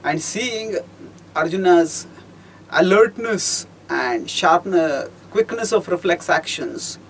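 A man giving a storytelling lecture on scripture, measured and explanatory, pausing often and rephrasing as he goes. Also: high voice, animated, slight background noise, poor audio. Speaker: teacher of scripture.

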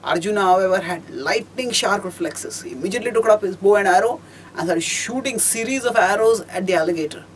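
A man giving a storytelling lecture on scripture, measured and explanatory, pausing often and rephrasing as he goes. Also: high voice, a little hiss or hum, rough recording. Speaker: teacher of scripture.

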